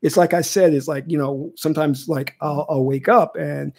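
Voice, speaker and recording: A man's voice: fairly high pitch, steady tone, moderate pace, creaky, darkish tone. A man teaching spiritual ideas in casual livestream talk, often checking in with "okay?" and repeating phrases. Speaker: spiritual teacher answering viewer questions.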